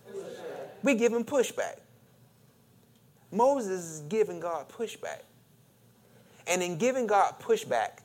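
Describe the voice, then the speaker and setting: A pastor delivering a sermon pulls the congregation into call and response, acting out quoted questions with a rising lilt. He swings between loud emphasis and quiet asides, and his voice is a little high.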